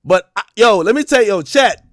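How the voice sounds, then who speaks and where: Animated high-voiced man ranting to chat. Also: fairly quick, no echo, studio quality. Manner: animated, mocking, swings from loud outbursts to mumbling asides. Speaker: streamer. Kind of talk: casual profane rant to chat.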